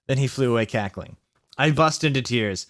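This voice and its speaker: A young man reading a story aloud for a comic challenge, animated and laughing through lines. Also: mid-range voice, moderate pace, no room sound, clean studio sound. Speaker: YouTube reader.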